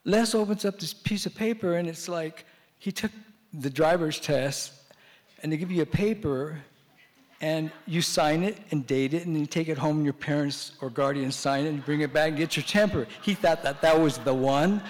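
A man's voice: a little high, moderate pace, big-room sound. A middle-aged man telling a story on stage in a stand-up style, acting out the voices of the people in it. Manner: animated, acts out the voices in his story.

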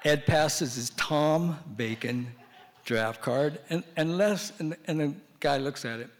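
A man's voice: fairly high pitch, slow, long reverb tail. A middle-aged man telling a story on stage in a stand-up style, acting out the voices of the people in it. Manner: animated, acts out the voices in his story.

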